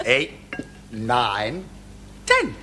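An actor playing a cheeky, mocking young son-in-law with a Liverpool accent, teasing and provoking in a sitcom. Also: male voice, medium pitch, wildly swooping pitch, drawn-out words, sharp tone, a little hiss or hum, full character voice. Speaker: sitcom character.

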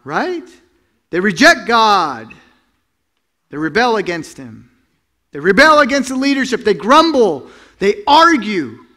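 A man pastor preaching a sermon, telling the story with acted-out voices and sound effects, swinging between loud bursts and hushed tones. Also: high voice, sing-song, takes it slowly, long pauses.

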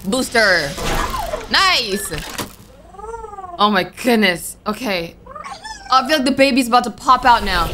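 A woman's voice: fairly high pitch, lively intonation, slow, pauses often, background noise. A young woman commenting on her gameplay, talking to herself and jumping with nervous exclamations, with game music behind her. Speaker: gaming streamer.

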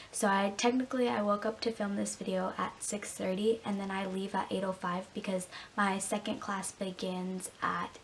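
A woman's voice: medium pitch, gravelly, a little hiss or hum. Chatty teen girl with morning voice. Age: teens. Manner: chatty, rambling with fillers. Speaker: beauty vlogger. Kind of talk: casual makeup tutorial narration.

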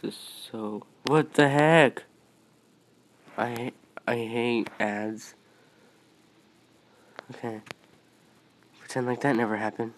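Guy at a middle pitch, excitable gameplay commentary, yelps and mutters at other players, faint hiss behind. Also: slow, pauses often, poor audio. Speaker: gaming video creator.

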